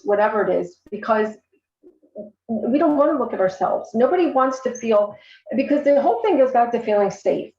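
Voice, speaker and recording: A woman's voice: a little high, animated, normal speed, darkish tone, reverberant, muffled recording. A woman talking earnestly and candidly as a podcast guest, with lots of "you know" fillers. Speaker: guest, coach for abuse survivors. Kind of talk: casual podcast conversation.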